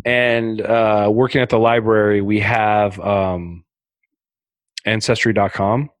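Slow and steady, a man with a fairly low voice chats as a guest on a casual podcast, with no echo on the recording. His stories ramble with dark humor, frequent fillers, and restarts.

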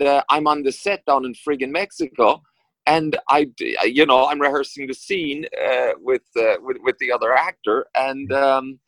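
Halting Irish man from Kerry. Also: mid-range voice, a bit bright, no echo, poor audio. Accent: Irish, County Kerry. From Ireland. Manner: rambling, halting with many restarts and fillers. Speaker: actor guest. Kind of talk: casual interview chat.

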